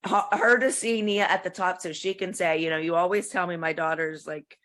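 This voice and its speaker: A middle-aged woman co-hosting a podcast in casual chat, with wry, joking remarks and quick interjections. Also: fairly low pitch, fairly even intonation, a bit bright. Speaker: podcast co-host.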